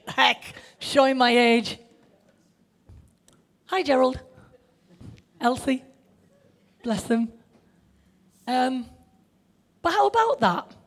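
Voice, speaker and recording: A woman's voice: high-pitched, animated, slow pace, long pauses, fairly bright tone. An older woman preaching an informal sermon, chatty, laughing often and putting questions to her listeners.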